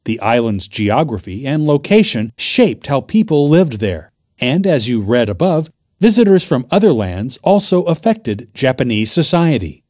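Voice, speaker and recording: A man reading a textbook chapter aloud in a clear, measured narration. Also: medium pitch, sing-song, a little mellow, no room sound, studio quality.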